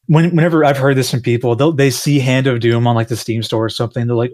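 A man's voice: mid-range voice, steady tone, fast, darkish tone. A man, a game developer, chatting casually on a panel, rambling and self-deprecating, laughing often.

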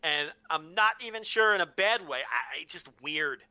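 Male co-host, bright and sharp, dry close sound, excitable storyteller who swears a lot. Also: a little high, normal speed, no room sound. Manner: excited, swears freely, retells with exclamations. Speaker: podcast co-host. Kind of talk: casual chat.

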